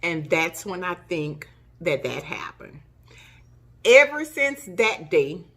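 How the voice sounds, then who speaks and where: Middle-aged woman vlogger, slow, emotional storytelling to camera. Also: lowish voice, sharp tone. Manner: emotional, retelling with reenacted gasps and cries.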